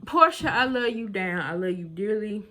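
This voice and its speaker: A woman's voice: mid-range voice, sing-song, normal speed, bright, forceful tone. A woman vlogger hosts a celebrity gossip segment and talks right to her viewers. She is sassy and chatty, laughing and exclaiming between remarks. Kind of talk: casual celebrity gossip commentary.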